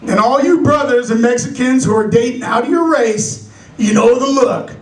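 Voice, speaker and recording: A man's voice: very high voice, normal speed. A middle-aged man from San Francisco performing a stand-up comedy set, telling stories animatedly and acting out characters in raised voices. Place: comedy club stage. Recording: echoey club from a distance.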